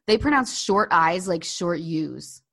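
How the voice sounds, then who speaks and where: A woman co-hosts a casual podcast, chatting in an animated, gossipy way. Her voice sits somewhat low, and she scatters "like" through her sentences. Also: slow pace, gravelly. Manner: chatty, animated, frequent "like" fillers. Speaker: podcast co-host. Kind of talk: casual chat.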